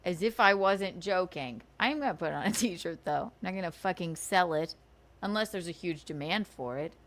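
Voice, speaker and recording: A woman's voice: lowish voice, normal speed, fairly bright tone. A woman hosting a livestream, ranting sarcastically and profanely, scolding her critics between bursts of laughter. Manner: indignant, scolding. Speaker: livestream host.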